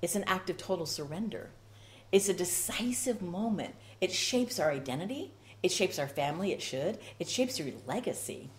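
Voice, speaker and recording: A woman's voice: on the low side, animated, moderate pace. A woman preaching a sermon with rhythmic repetition and strong emphasis.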